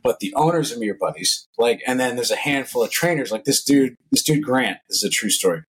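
A man guesting on a podcast, a personal trainer in casual chat, telling animated stories and acting out quotes. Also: medium pitch, a little fast, slight background noise, poor audio. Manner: animated storytelling, acts out quotes.

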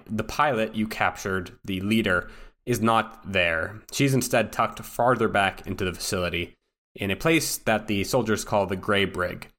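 Low-voiced man narrating as game master. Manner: descriptive, steady narration.

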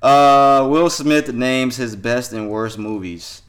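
A man's voice: medium pitch, fairly even intonation, slow pace. A man hosting a podcast, chatting loosely with lots of profanity and laughter. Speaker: podcast host. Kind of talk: casual chat.

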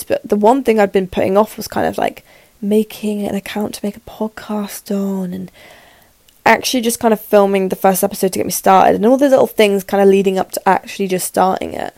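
An eighteen-year-old woman with a sore throat, rambling nervously and quickly in a casual solo podcast chat, with lots of fillers. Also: mid-range voice, creaky, darkish tone, no room sound. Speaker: podcast host. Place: her room in the evening.

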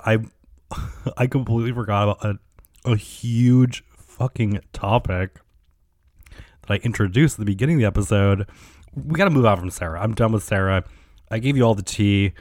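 A man's voice: lowish voice, a little mellow, dry recording, studio quality. A man hosting a podcast alone, ranting in a profane, sarcastic and rambling way. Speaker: podcast host. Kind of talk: casual solo rant.

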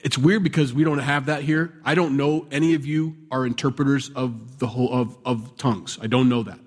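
Husky-voiced man preaching in a reverberant church. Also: mid-range voice, fairly quick. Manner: animated and self-deprecating, swings between loud bursts and quiet asides. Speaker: pastor. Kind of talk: conversational verse-by-verse sermon. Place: church sanctuary. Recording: church sanctuary with long reverb.

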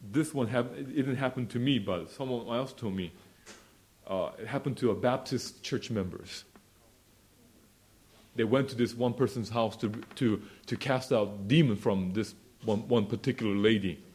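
A man preaching a sermon and leading a prayer, swinging between quiet asides and loud, fervent declarations. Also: medium pitch, normal speed. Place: church fellowship meeting.

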